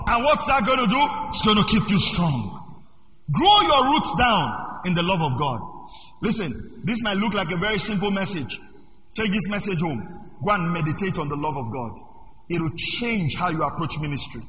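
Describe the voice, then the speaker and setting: A man preaching a sermon as pastor, moving between quiet asides and loud shouted passages. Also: high voice, lively intonation, unhurried, pauses often, slight background noise. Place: church hall. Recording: echoey hall with long reverb.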